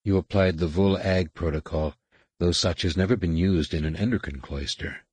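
Stern middle-aged alien priestess-scientist, read by a male narrator; low, husky, quietly authoritative. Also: normal speed, no room sound. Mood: stern, measured. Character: stern female master shaper, middle-aged, commanding.

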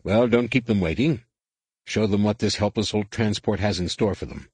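A man's voice: lowish voice, normal speed, a little mellow, slightly rough, no echo. A man voicing a cocky, wry starship captain. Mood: commanding. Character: confident, wry male smuggler captain.

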